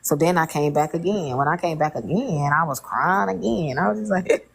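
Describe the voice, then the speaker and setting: A woman's voice: deep voice, normal speed, vocal fry, husky, rough recording. A woman in her late thirties telling a personal story in casual chat, candid and colloquial, with strong feeling. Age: 30s.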